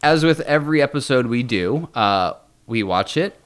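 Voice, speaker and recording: A man's voice: medium pitch, expressive, normal speed, clean tone. Joking, rambling young man. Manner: jokey, rambling, fond of mock voices. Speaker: podcast co-host. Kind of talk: casual chat.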